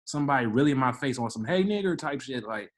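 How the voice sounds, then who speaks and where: Here a podcast co-host, a young man from Maryland in the DC area, speaks at a quick pace with a medium-pitched voice. He's animated as he relates a story in relaxed conversation, performing each person's quoted lines.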